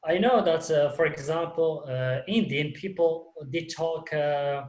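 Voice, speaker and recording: A man speaking English as a foreigner in an online meeting, halting, with many drawn-out pauses. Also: on the high side, a little mellow, roomy sound. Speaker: meeting participant. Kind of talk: casual group chat.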